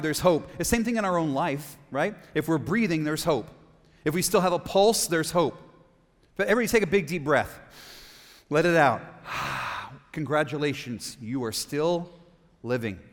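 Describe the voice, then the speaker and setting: Animated male pastor in a reverberant hall. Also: a little high. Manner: animated, reads aloud dramatically, asks the congregation questions. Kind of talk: sermon. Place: church auditorium. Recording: long reverb of a church hall.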